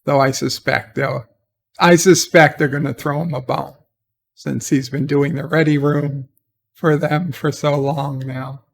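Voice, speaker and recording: A man's voice: on the high side, fairly even intonation, measured pace, gravelly. A man giving a rambling, exasperated spoken review of a TV episode, often restarting his sentences. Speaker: TV show reviewer.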